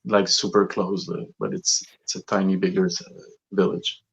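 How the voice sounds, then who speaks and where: A man tells stories as a podcast guest. His voice sits low and the recording sounds dull and lo-fi. He rambles, restarting sentences and filling gaps with "uh" and "like". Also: flat delivery, normal speed, vocal fry, husky. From Quebec, Canada. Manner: rambling, many fillers and restarts. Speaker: guest musician. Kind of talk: casual storytelling interview.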